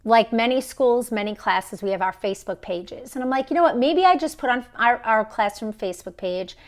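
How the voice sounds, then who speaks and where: A woman in her thirties talks into her phone on a live stream, her voice sitting a little high. She tells the story with emphasis and swings her voice up and down as she acts out the people in it. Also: expressive, fairly quick. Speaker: vlogger.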